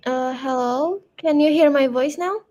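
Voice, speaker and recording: Young woman host, high voice, slow and unsure, checking audio on a call. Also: a little mellow. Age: young adult. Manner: hesitant, repeating checks. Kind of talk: online event, checking audio.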